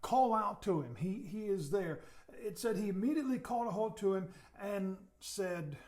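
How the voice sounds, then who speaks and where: Earnest man preaching a teaching lesson, higher-pitched, repeats words, softens to make a point. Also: expressive, normal speed. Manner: earnest, repeats words, drops to soft emphasis. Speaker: pastor. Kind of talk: sermon teaching.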